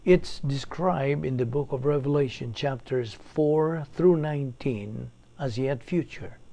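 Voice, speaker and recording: A man's voice: a little high, warm tone. A man teaching a doctrinal Bible study as an evangelist, explaining grammar methodically, step by step.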